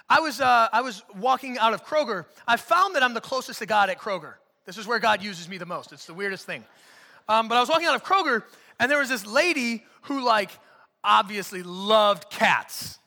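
A man preaching from a church stage in a high, very bright, forceful voice, loose and conversational, slipping jokes into his sermon. His voice carries a long reverb from the hall around him. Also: animated, moderate pace, vocal fry. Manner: casual, joking, conversational preaching. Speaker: pastor.

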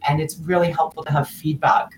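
Lady guest telling stories on a podcast, lots of restarts, bit low, echoey room. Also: little pitch movement, fairly quick, noisy background. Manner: chatty, many restarts, acts out quoted voices. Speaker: guest, coach working with clients. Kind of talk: podcast interview, personal storytelling.

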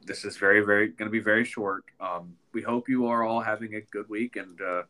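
Stuffed-up nasal guy hosting a podcast, lowish voice, lots of ums and restarts. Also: fairly even intonation, brisk, pushed and bright. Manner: rambling, with many ums and restarts. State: congested, nasal from a sinus infection. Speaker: podcast co-host. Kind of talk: casual chat.

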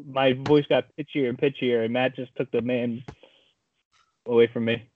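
A man co-hosting a casual podcast, telling a prank story with lively acted-out voices over an online call. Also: mid-range voice, moderate pace, slight background noise. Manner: animated storyteller, acts out voices. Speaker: podcast co-host. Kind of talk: casual chat. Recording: tinny phone-like call audio.

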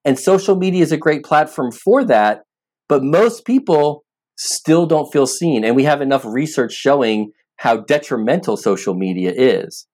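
An app founder being interviewed speaks in a medium-pitched, expressive, slightly mellow voice at moderate pace. He is earnest and emphatic, and he tends to repeat words when beginning a thought.

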